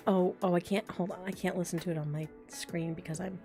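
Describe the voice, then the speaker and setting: A woman's voice: fairly low pitch, fairly even intonation, a little fast, music in the background. A woman in her thirties chatting casually and rambling on a livestream, often making fun of herself. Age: 30s. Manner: chatty, rambling, self-deprecating. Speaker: voice actor and streamer.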